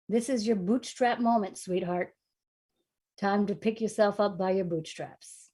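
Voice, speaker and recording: A woman from New York telling a funny personal story on stage, lively and self-mocking, swinging from hushed to loud. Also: on the high side. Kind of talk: humorous personal storytelling performance.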